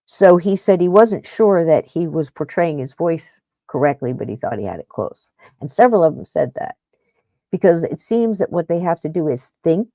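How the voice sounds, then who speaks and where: A middle-aged woman hosts a paranormal podcast, her low, warm voice swinging widely in pitch at a moderate pace. She talks casually in a rambling, chatty way, often breaking off mid-thought and starting again. The recording is dry.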